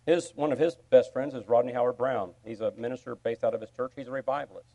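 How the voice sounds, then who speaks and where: A man preaching a sermon, telling a story with sudden swings from quiet asides to loud, excited bursts. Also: mid-range voice, fast talker. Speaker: pastor.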